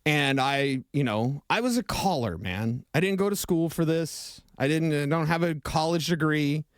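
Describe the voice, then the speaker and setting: A high-pitched man on a sports talk radio show, talking fast and getting emotional and opinionated as he trades takes with his co-host. His voice is close and dry on a studio mic, with no room sound around it. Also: no room sound. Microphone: studio microphone.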